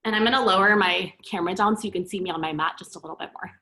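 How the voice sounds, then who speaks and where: A woman teaching a live online yoga class, cueing breaths and poses in a calm, paced way while out of breath. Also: mid-range voice, rapid-fire. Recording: echoey room from far off.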